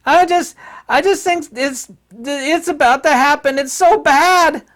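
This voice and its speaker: A man putting on a mocking voice of a panicky, fearful woman official, wailing in an exaggerated high pitch. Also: a little slow, fairly bright tone.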